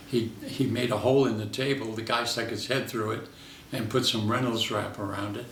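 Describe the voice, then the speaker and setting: A man's voice: fairly low pitch, normal speed, distant mic, a little hiss or hum. Older man telling anecdotes in a roomy space. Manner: lively storyteller who acts out the voices in his anecdotes. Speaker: veteran character actor, interviewee. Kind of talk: anecdotal career interview.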